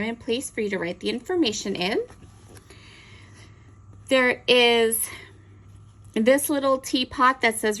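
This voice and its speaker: A woman hosting a crafting video, chatting enthusiastically as she unboxes and describes stamp sets, pausing now and then to look things over. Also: a little high, fairly bright tone, slight background noise. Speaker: crafting channel host. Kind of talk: unboxing show-and-tell.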